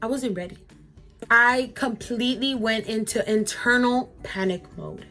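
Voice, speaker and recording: A young woman with a slightly high voice tells a story in a chatty, casual way. She talks straight to her viewers and peppers her sentences with fillers. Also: measured pace, pushed and bright, soft background music. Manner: chatty, lots of "like" fillers, addresses viewers directly. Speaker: vlogger.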